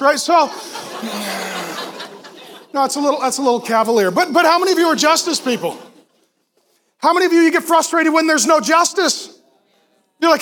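A middle-aged male pastor preaching a sermon with animated storytelling and acted-out voices. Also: very high-pitched, normal speed, pauses often.

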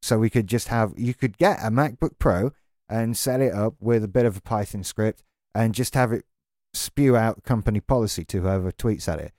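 A man's voice: on the low side, moderate pace, darkish tone, dry recording, studio quality. A man delivering an exasperated, sarcastic, sweary rant as a tech vlogger. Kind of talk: ranting monologue to camera.

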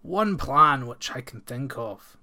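A man doing a grave, slow-spoken old village sage. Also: medium pitch, lively intonation, sharp tone, exaggerated voice. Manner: slow, solemn, archaic speech. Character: oldest, wisest old countryman, grave and foreboding.

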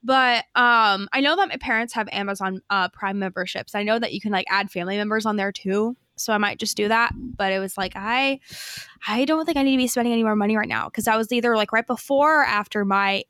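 A woman's voice: medium pitch, a little fast, bright, forceful tone, clean tone, dry recording. A young woman co-hosting a podcast, telling stories in a bubbly, chatty way full of fillers. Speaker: podcast co-host. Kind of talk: casual chat.

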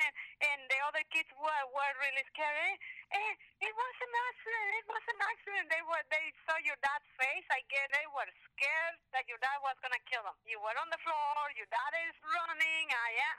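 High bright-voiced mother. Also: no echo, rough recording. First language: Spanish. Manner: animated, acts out quotes, hesitant restarts. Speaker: mother telling a family story. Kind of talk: casual storytelling.

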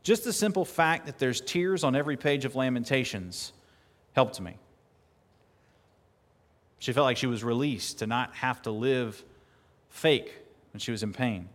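A man preaching a sermon earnestly, at times building to emphatic, louder peaks. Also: medium pitch, measured pace, long pauses. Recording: long hall reverb.

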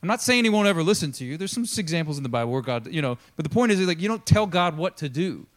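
A man preaching in a church, telling Bible stories in a loose, conversational way. His voice sits a little high for a man and swings up and down a great deal as he acts out the characters' lines. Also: very animated, fast. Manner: casual, chatty storytelling that acts out the characters' lines. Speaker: pastor. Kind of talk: sermon.

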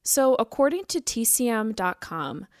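A woman's voice: a little high, big pitch swings, moderate pace, dry recording, studio quality. A young woman co-hosting a casual podcast, chatty as she reads film history with side remarks. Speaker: podcast co-host.

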